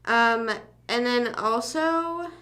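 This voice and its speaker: A woman's voice: on the high side, drawn-out words, sharp tone. A young woman hosting a casual livestream, rambling through school stories with lots of filler words and casual swearing. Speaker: livestream host.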